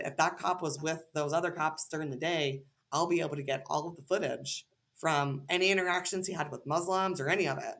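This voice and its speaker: A woman's voice: lowish voice, fairly bright tone. A woman as a podcast guest, ranting heatedly and cursing freely in casual conversation.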